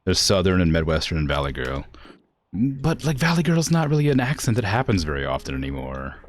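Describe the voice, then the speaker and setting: A man's voice: low voice, wildly swooping pitch, brisk, a little hiss or hum. A man with a northwestern US accent, chatting casually as a game streamer, rambling with many fillers and laughing asides. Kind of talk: casual stream chat while gaming.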